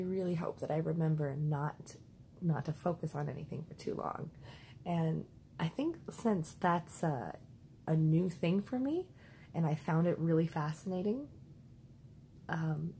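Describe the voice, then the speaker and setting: A woman talking through her dream journal in a rambling, casual way, repeating words and clearing her throat, with the hiccups. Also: deep voice, mellow, slight background noise, rough recording. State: has the hiccups. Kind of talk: casual spoken diary.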